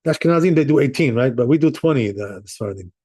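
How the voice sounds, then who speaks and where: A rabbi teaching Jewish law in a relaxed class speaks very fast and animatedly, his mid-range voice slightly mellow with a breathy edge. He keeps things conversational, often chuckling and adding "right?" or "you know."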